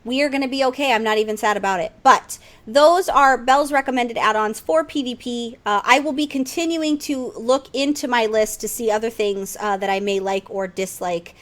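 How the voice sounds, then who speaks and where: A woman co-hosting a gaming podcast in casual chat, animated and quick to swear and tease back. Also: fairly high pitch. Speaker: podcast co-host.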